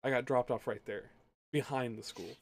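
A man's voice: medium pitch, steady tone, normal speed, gravelly, slight background noise. A young man co-hosting a casual podcast, telling a school story with heavy swearing and acting out both sides of the argument. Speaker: podcast co-host. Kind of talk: casual ranting chat.

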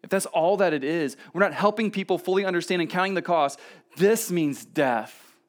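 A man in his thirties preaching a casual, storytelling sermon at a church service, swinging between emphatic lines and quiet asides. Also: high voice, moderate pace. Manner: conversational storytelling, shifts between loud emphasis and soft asides. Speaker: pastor.

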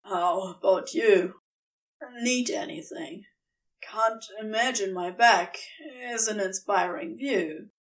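Brief: sardonic adult male demon, a woman reading, clipped and snarky, slow-paced. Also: medium pitch, far from the mic.

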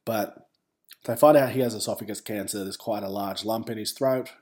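A man's voice: on the low side, moderate pace, a little mellow. Wry Australian man telling a story. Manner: candid and wry, wandering asides. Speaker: podcast host. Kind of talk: casual personal storytelling.

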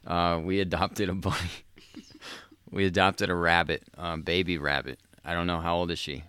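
A man's voice: low-pitched, flat delivery, normal speed, sharp tone, clear, resonant tone. A man hosting a podcast with a crude, rambling comedic monologue, swearing a lot and laughing in the middle of sentences. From South Dakota. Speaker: podcast host.

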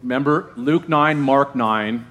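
A man's voice: medium pitch, takes it slowly, a bit bright. A male pastor preaching a sermon in an emphatic, conversational way, often asking his congregation questions.

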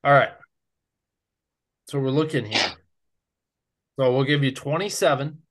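A man's voice: mid-range voice, measured pace, fairly bright tone. A young man co-hosting a sports podcast, announcing draft picks in a playful announcer tone. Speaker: podcast co-host.

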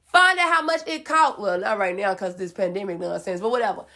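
A woman with giving a sassy, preachy motivational talk to her viewers, with slang and dramatic pauses. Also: mid-range voice, animated, bright, forceful tone. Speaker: motivational vlogger.

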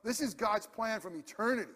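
A man's voice: high-pitched, expressive, fairly quick, a bit bright. A man preaching a sermon as pastor, passionate and emphatic yet conversational. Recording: long hall reverb.

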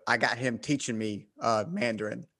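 A man with a Southern American drawl hosts a relaxed conversation. He talks with animated energy and laughs easily. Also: mid-range voice, moderate pace. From United States. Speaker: podcast host. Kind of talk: casual chat.

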